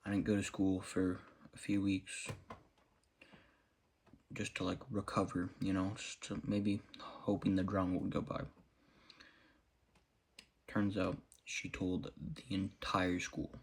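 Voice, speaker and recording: A young man quietly recounting a personal story, halting with many fillers and restarts. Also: low voice, monotone, slight background noise. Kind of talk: storytelling monologue.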